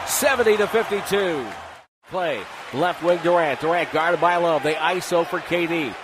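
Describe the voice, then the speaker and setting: A man calling live basketball play-by-play in rapid clipped phrases, rising to shouts on big plays. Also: fairly high pitch. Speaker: play-by-play announcer. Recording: broadcast with arena noise behind. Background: arena crowd and ball bounces.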